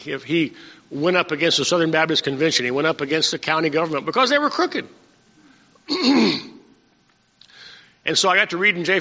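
A man's voice: fairly high pitch, pushed and bright. An older man preaching a sermon as pastor, folksy and talking directly to members of his congregation. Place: church sanctuary. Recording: dull lo-fi recording with long hall reverb.

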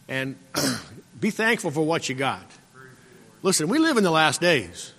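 A man preaching a sermon as pastor, exhorting and repeating himself, often clearing his throat and calling out for an amen. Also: fairly high pitch, sing-song, measured pace, a bit bright. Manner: repetitive, exhorting, calls out "Amen?". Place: church sanctuary. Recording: long church-hall reverb.

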